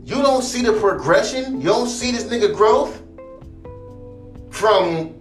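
Male podcast host with a heated, profane, repetitive rant; lively delivery, roomy echo. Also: very high-pitched, slow, pauses often, faint music behind. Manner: heated and profane, repeats himself. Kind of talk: ranting monologue.

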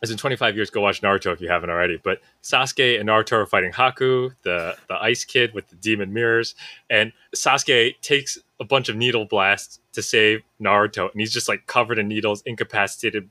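A man's voice: lowish voice, no room sound. A man in his thirties on a podcast, telling a childhood story in casual chat, acting out what his friends said. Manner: animated storyteller, acts out quoted friends. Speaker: podcast co-host.

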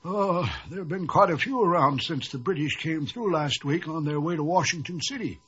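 A man playing a kindly, courteous gentleman doctor, gentle and reassuring. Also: a little high, moderate pace, breathy edge. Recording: dull lo-fi audio.

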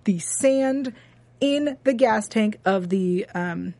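A woman co-hosting a TV after-show, recapping an episode in casual chat and talking in halting bursts full of fillers and restarts. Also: mid-range voice, animated, dark tone, dry recording.

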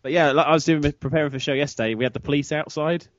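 A man's voice: fairly high pitch, steady tone, rapid-fire. A man co-hosting a podcast, chatting casually in a rambling, teasing way. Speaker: podcast co-host. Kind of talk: casual chat. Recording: dry, dull lo-fi recording.

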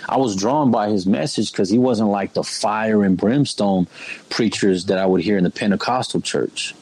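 In a dry, poor-quality recording, a young man shares his life story at a moderate pace, his fairly low voice husky and a little mellow. His manner is laid-back street slang, full of "bro" and "you know what I mean."

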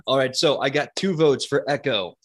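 A man's voice: mid-range voice, moderate pace, slight background noise. A man running a tabletop game as game master, joking around and steering the players back on track.

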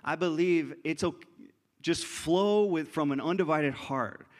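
A man's voice: a little high, a little slow. Earnest male pastor preaching conversationally. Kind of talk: sermon.

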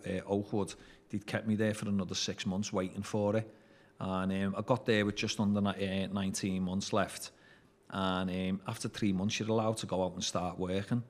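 A man with a Scouse accent telling stories casually in an interview, swearing freely and acting out what people said. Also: deep voice. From Merseyside, England. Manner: swears freely, acts out quoted dialogue. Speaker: interview guest, former prisoner. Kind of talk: casual storytelling.

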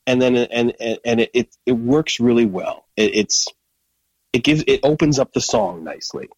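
A man's voice: mid-range voice, normal speed, no echo, low-quality recording. A man guest-hosting a music podcast, talking eagerly and searching for words as he describes songs. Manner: enthusiastic, searching for words, many restarts. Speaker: guest co-host. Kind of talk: casual music chat.

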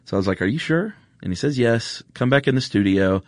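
Low-voiced man hosting a podcast. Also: fast, dry recording, studio quality. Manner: earnest, emotional, chatty with many fillers. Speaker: podcast host. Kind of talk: casual storytelling intro. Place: podcast studio.

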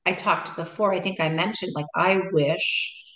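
A woman's voice: on the low side, moderate pace, fairly bright tone. A middle-aged woman, a meditation and yoga teacher, chatting casually as a guest in loose, trailing sentences full of restarts. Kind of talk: casual interview chat. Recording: roomy echo.

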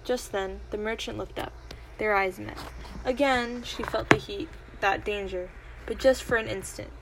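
Animated woman reading a storybook. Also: medium pitch, moderate pace, very noisy. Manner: animated, expressive. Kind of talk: storybook read-aloud.

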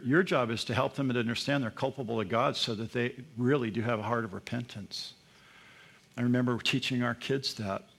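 A man's voice: mid-range voice, a bit bright. A middle-aged man, a pastor, preaching a sermon in an earnest, emphatic way that often rises into bursts.

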